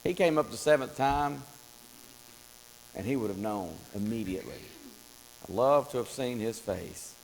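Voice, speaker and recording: Gravelly church guy teaching bible class, acts out the story, echoey hall, bit of hum. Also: medium pitch, measured pace, pauses often. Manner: animated storytelling, acts out voices of Bible figures. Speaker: preacher teaching Bible study. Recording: long hall reverb with faint mains hum.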